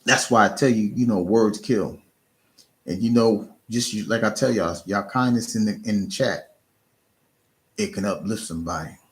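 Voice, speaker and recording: A man on a live stream gives casual, heartfelt pep talk to his chat in a lowish voice at normal speed, frequently restarting sentences and repeating himself.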